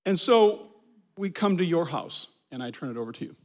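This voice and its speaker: A man's voice: fairly high pitch, lively intonation, a little fast, fairly bright tone. A man telling a story about his wedding in a casual way, with many ums and restarts. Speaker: guest, husband telling a story.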